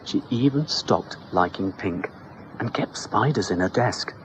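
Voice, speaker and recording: A man reading a children's story aloud in an expressive, playful way. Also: fairly low pitch, unhurried, noisy background.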